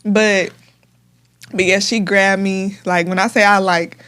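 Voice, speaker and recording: A woman's voice: medium pitch, steady tone, measured pace, fairly bright tone, clean tone. A young woman, a hairstylist guest on a podcast, telling her own life story in a candid, heartfelt way with many "like" fillers. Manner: emotional, heartfelt, frequent "like" fillers.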